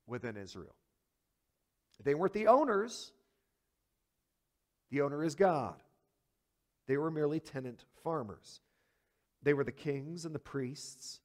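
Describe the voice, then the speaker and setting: An emphatic, animated male pastor preaches to his congregation, asking rhetorical questions. His voice shifts between hushed low asides and loud high peaks.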